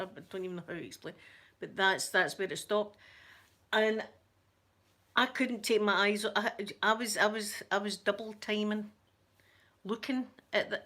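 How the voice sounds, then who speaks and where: A woman's voice: medium pitch, a bit bright. A Scottish woman telling a story to her viewers, chatty and rambling, with many stammering restarts. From Scotland. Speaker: channel host.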